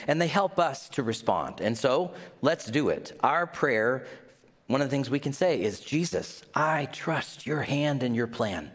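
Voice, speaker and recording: A man preaching a sermon in a conversational, animated way, often rising to excited exclamations. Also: mid-range voice. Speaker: pastor. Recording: long hall reverb.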